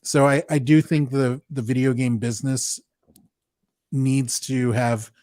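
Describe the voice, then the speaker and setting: A man co-hosting a casual podcast, measured and analytical, with frequent "like" and "right". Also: medium pitch, little pitch movement, darkish tone, dry recording, clean studio sound. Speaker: podcast co-host.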